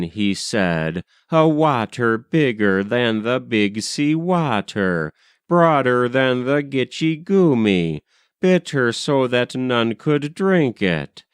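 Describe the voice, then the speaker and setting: A man reading narrative poetry aloud with a rhythmic, measured verse delivery. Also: mid-range voice, clear, resonant tone, dry recording, studio quality.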